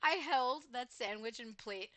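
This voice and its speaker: A woman's voice: fairly high pitch, unhurried, a bit bright. A woman streamer chatting casually while gaming, gushing, giggling and exclaiming often.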